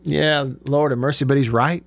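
A man's voice: mid-range voice, steady tone, moderate pace, creaky, no room sound. A man in his forties hosting a radio show, telling stories easily and laughing often. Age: 40s. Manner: laughing storyteller, easygoing. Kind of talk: casual radio chat. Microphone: studio microphone.

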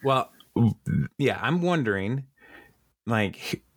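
A man's voice: mid-range voice, animated, slow, a bit bright, dry recording, studio quality. A man co-hosting a podcast, casually recapping a TV episode with many ums and frequent laughs. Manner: rambling, many ums and uhs, laughs often. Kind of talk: casual chat.

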